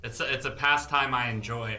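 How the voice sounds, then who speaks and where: Deadpan stream co-host in an echoey room. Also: medium pitch, brisk, soft background music. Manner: dry, deadpan joking. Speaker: co-host of a music stream show. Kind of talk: casual deadpan stream banter.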